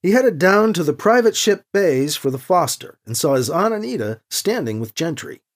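An audiobook narrator reads a novel aloud in scripted narration, storytelling expressively. The voice is mid-range at a moderate pace.

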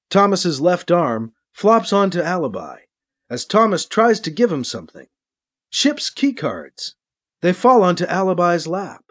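A man narrating a science-fiction story with a dramatic, expressive reading. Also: fairly high pitch. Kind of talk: audiobook narration.

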